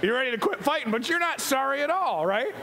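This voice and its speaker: A man's voice: very high voice, big pitch swings, fast talker. A man giving a humorous motivational talk to a live audience, playful and jokey, asking the crowd questions. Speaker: leadership speaker. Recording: long hall reverb, faint ambience.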